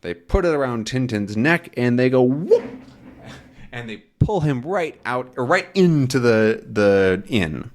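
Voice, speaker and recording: Male English teacher walking learners through a comic: slow, clear, lively pitch, keeps asking "right?". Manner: slow, clear explaining with frequent "right?" checks.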